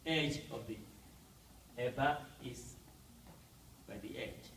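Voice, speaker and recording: A man's voice: medium pitch, slow, fairly bright tone, reverberant, distant mic, a little hiss or hum, rough recording. A man teaching a language class, explaining step by step and often checking with "right?". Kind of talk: classroom lesson.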